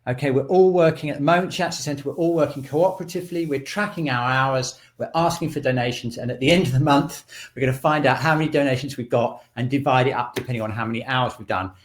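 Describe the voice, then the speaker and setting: A man teaching a self-shiatsu class over a video call, calmly guiding stretches and breaths. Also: mid-range voice, fast, few pauses. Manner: calm instructor, counting breaths.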